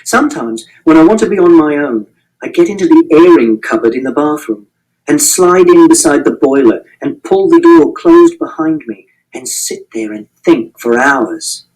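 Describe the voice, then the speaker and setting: A man's voice: a little high, animated, moderate pace, darkish tone, recorded from a distance, poor audio. A man reading a novel aloud in first person, in a plain, matter-of-fact, literal way. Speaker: audiobook reader.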